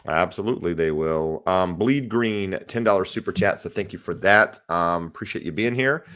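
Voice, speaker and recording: A real estate agent who hosts a live podcast chats in an upbeat way, thanking viewers and reading their questions aloud. His voice is deep and a bit bright, at a moderate pace.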